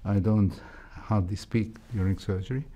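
An older man, a heart surgeon with an Egyptian accent, recalling his training in a reflective interview, speaking in a measured way with frequent hesitations. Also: fairly low pitch, fairly even intonation, dark tone. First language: Arabic.

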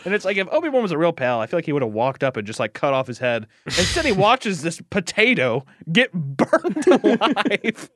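A man co-hosting a podcast in casual chat, animated and often laughing, acting out film lines as he talks. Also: sits high, normal speed, few pauses, dry recording, clean studio sound. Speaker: podcast co-host.

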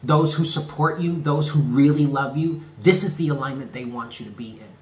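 A man giving a spoken tarot reading, earnest and emphatic, often repeating himself and dropping low on key words. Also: normal speed, echoey room. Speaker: tarot reader.

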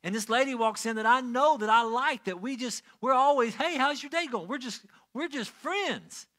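This middle-aged pastor's sermon moves at a normal speed in a very high-pitched voice. He tells stories and alternates soft asides with loud, excited surges.

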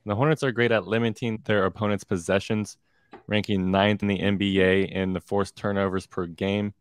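Man, deep and smooth, relaxed chatty betting analyst. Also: dry recording, studio quality. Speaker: sports betting show regular. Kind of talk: casual sports betting analysis.

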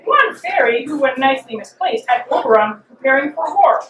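A woman's voice: sits high, big pitch swings, fairly quick, fairly bright tone, far from the mic, voice pushed up. Woman putting on a sneering, imperious goddess in an echoey hall. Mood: scheming. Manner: sneering, crowing, sing-song taunts. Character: mocking, imperious goddess of deception, female, ancient. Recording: roomy hall, mic from afar.

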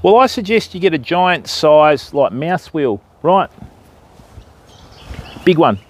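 A slightly high, sing-song voice comes through at a slow pace from this Australian man. Hosting a fishing livestream beside a river, he chats easily, cracks jokes and says hello to viewers by name.

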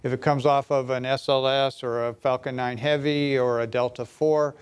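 A man presenting a mission plan in a measured, explanatory way during a technical talk. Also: mid-range voice, flat delivery, smooth.

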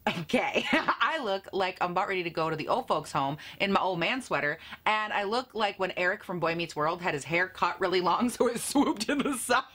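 A woman's voice: lowish voice, lively intonation, a little fast, hardly any pauses, fairly bright tone. A woman beauty vlogger chatting casually in a camper, giggly and jokey, rambling between asides. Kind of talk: casual chat.

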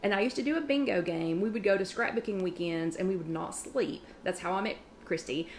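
Fast-talking Southern woman hosting a live chat. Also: medium pitch, a little hiss or hum. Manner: fast, chatty, rambling, with quick asides. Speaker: host of a live online chat. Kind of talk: casual live-stream chat, greeting viewers.

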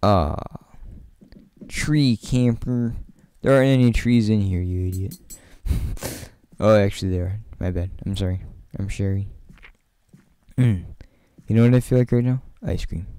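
A man's voice: lowish voice, a little slow, long pauses, dark tone, clean tone, no echo. A man giving casual, chatty commentary while playing, joking and laughing often and rambling straight to his viewers. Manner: rambling, talks to viewers directly. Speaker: gaming channel host.

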